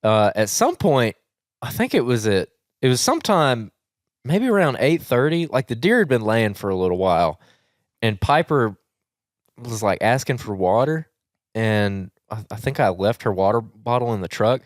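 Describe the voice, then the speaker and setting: A Southern-accented man on a podcast mic spins a long hunting yarn, rambling and animated, laughing often. His voice sits mid-range and sounds dry and close. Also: mid-range voice, moderate pace, no room sound. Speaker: podcast host. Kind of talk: casual storytelling chat.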